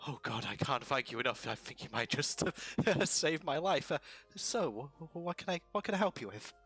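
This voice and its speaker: A man's voice: on the high side, lively intonation, moderate pace, fairly bright tone, slightly rough. A man voicing a harried, polite female shopkeeper who stammers when flustered. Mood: relieved.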